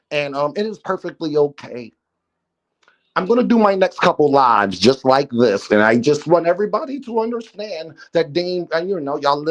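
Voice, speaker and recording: A man putting on a soft, slow, monotone voice to mock being a polite, quiet host. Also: medium pitch, lo-fi sound, lightly acted. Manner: hushed, slow, deliberately monotone.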